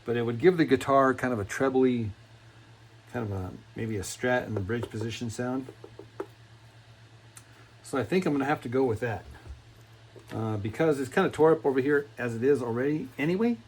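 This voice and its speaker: A man's voice: medium pitch, moderate pace, long pauses, husky, low-quality recording. A man with a folksy, rambling manner who often repeats himself, giving a casual step-by-step demonstration at his workbench in a home workshop. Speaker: cigar box guitar builder.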